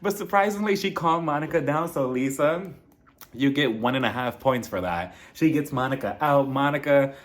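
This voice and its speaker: Casting note: male reality TV recap host, gossipy and animated, mid pitch, laughs often, jumps into voices for quotes. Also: normal speed. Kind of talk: casual recap commentary.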